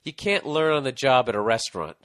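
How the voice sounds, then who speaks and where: Animated and brisk, a middle-aged podcast host with a mid-range, fairly bright voice reads a listener's advice letter, with no room sound. The casual chat is full of ranting, storytelling and swearing.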